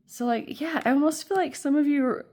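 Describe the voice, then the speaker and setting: A woman's voice: high-pitched, fairly quick, a little mellow. A woman giving a casual pick-a-card tarot reading, rambling and chatty with many fillers and frequent laughter.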